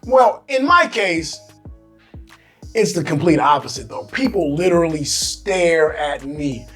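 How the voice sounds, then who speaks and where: A man's voice: on the high side, unhurried, soft background music. An American man hosting his own vlog, talking casually and animatedly to camera in slangy speech. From United States. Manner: animated, slangy, acts out quoted voices. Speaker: expat vlogger host.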